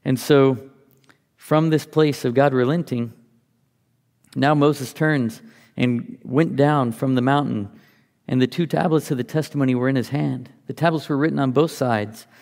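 A man's voice: mid-range voice, measured pace, gravelly, a little mellow, long reverb tail. A man teaching from the Bible, reading passages aloud and explaining them in a conversational, think-aloud way.

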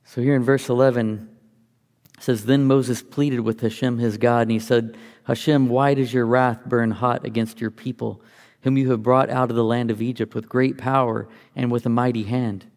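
Male Bible teacher, gravelly, mid-pitched, conversational explainer; long hall reverb. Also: level tone, moderate pace, darkish tone. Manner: conversational, thinks aloud while explaining.

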